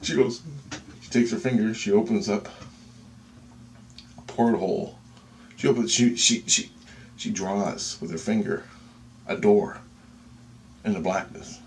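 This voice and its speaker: Low-voiced man telling a wild story. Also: slight background noise. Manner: excitable and profane, with pauses and restarts. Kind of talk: casual spoken storytelling.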